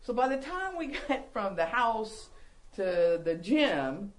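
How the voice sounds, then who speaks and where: An older woman giving a Bible teaching talk to women, telling animated, self-mocking stories. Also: fairly high pitch, slow, low-quality recording.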